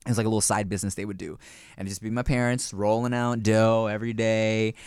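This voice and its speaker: A man hosting a podcast in casual, animated chat, swearing freely, laughing often and slipping into voices. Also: on the low side, fast talker, smooth, no echo, clean studio sound. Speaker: podcast host.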